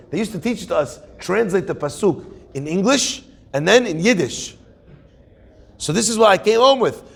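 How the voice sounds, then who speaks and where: A man, a rabbi giving a weekly Torah class, telling stories in an animated way and acting out quoted voices. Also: a little high, creaky, husky.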